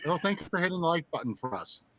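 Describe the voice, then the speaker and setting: A man's voice: on the high side, very animated, fast talker, background noise. A man co-hosting a casual livestream chat, jokey and rambling, with lots of fillers. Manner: jokey, talks over others, rambling fillers. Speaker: co-host.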